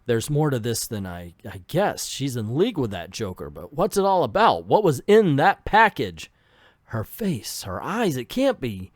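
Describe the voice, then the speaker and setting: A man's voice: medium pitch, very animated, a little slow, no room sound. Man voicing a young war hero, earnest, brooding, melodramatic, dry close mic. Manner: earnest, brooding inner monologue.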